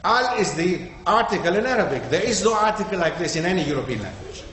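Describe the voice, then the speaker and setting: In a community hall, a high-voiced man lectures a group in a sing-song, fast, slightly bright manner, quizzing the audience and checking they follow with "okay?" The interactive classroom talk sounds very echoey, like a large room with a long reverb, and faint noise sits underneath.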